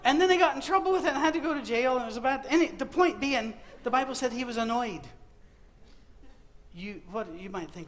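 This middle-aged man's voice is extremely high-pitched and a little fast, with slight background noise. He gives a comic sermon in a university auditorium, animatedly recounting Bible tales with humorous asides and dramatized quotes.

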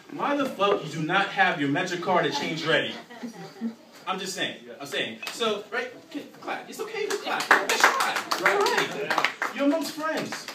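Animated New comedian telling stories on stage. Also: male voice, high voice. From New York. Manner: animated storytelling with shouted punchlines and frequent "you know what I'm saying". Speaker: stand-up comedian. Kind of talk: live stand-up routine. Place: small live venue. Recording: roomy, distant, noisy live recording.

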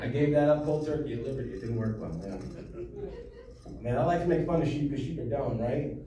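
A man in his thirties performs a stand-up set on a comedy club stage, speaking a little fast at medium pitch, wry and self-deprecating with mumbled asides. Recorded from far in an echoey club, the clip carries crowd noise and audience laughter.

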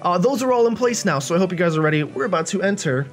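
A chatty young man talks through a video game run in an animated, self-deprecating way. His voice sits high for a man, and faint game music plays under the commentary. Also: fast, few pauses. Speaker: let's play host.

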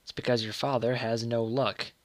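Man reading a bitter, worn-down mother in a storybook reading; slow and dry. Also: medium pitch, flat delivery, dry recording, natural voice. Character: bitter, weary mother of modest means.

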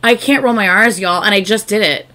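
A woman hosting a reaction video, chatting casually and gushing excitedly with lots of fillers. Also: mid-range voice, a little fast.

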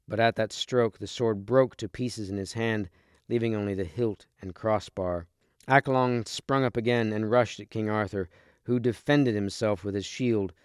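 A man reading a storybook aloud to listeners in steady, clear narration. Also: fairly low pitch, dry recording, studio quality. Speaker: reader.

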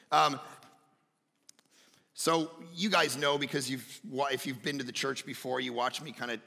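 A male pastor preaching a sermon, dropping to a quiet confiding tone and then rising to loud, passionate exhortation. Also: medium pitch, steady tone, normal speed, creaky, big-room sound. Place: church auditorium.

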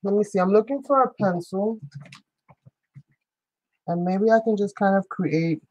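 A woman's voice: medium pitch, unhurried, a little mellow, no room sound, low-quality recording. A woman hosting a live crafting show, chatting playfully with viewers as she works and often breaking into giggles. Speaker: crafting channel host. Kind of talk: live crafting demonstration chat.

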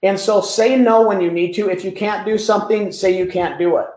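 High-voiced man telling stories animatedly. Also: a little fast. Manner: animated, repeats words as he talks. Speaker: guest. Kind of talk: storytelling in a business interview. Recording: echoey room.

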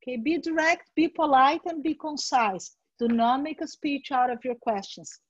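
A woman's voice: high voice, moderate pace, no echo. A woman presenting a virtual workshop, speaking directly and coaching her listeners. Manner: direct, coaching tone, acts out sample interviews. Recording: dry, dull webinar audio.

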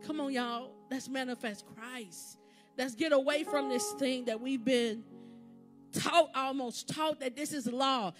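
High-voiced woman preaching over music. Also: unhurried. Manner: preaching cadence, builds to fervent exhortation with repeated phrases. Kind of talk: sermon. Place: church sanctuary. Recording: live church service with background music. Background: instrumental music playing under the sermon.

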